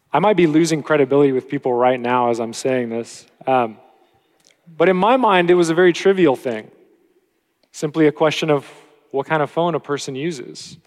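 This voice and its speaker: Preaching man with hall reverb. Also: on the high side. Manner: steady expository preaching with occasional self-corrections. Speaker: pastor. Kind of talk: sermon.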